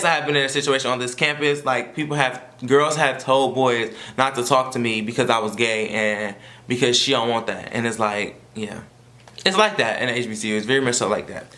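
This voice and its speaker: Young man, sassy college vlogger, bright tone, echoey room. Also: mid-range voice. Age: young adult. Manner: sassy, animated, slangy. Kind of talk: casual advice vlog.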